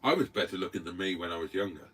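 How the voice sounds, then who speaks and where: Lively, bright-voiced older man. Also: sits low, rapid-fire, husky. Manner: wry, self-mocking banter. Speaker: co-host reading viewer comments. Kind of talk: casual live-stream chat.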